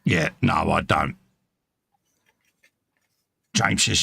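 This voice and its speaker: A man's voice: low voice, very animated, slow, creaky, long pauses, bright, forceful tone, slightly rough, no room sound. A middle-aged man with a British accent, chatting casually and self-mockingly while building a model kit and reading out chat messages. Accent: British English. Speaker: co-host of a live modelling stream.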